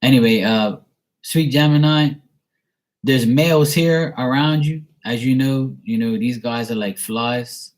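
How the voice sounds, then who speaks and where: A man's voice: mid-range voice, unhurried. A man from Bermuda chatting casually as he answers viewer messages, rambling and laughing at himself. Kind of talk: casual live chat reading.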